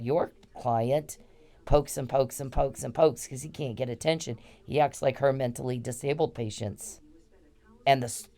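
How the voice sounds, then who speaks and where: A woman's voice: rumbling low, mellow. A woman vlogging, ranting confrontationally and with profanity at a man she accuses. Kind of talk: angry direct-to-camera rant.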